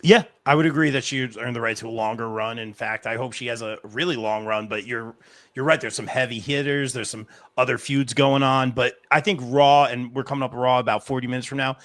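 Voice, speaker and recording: Bright-sounding guy hosting a live stream, reads the chat, dry close sound. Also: medium pitch, fairly even intonation, brisk, no echo. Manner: reads viewer comments aloud. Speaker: podcast host.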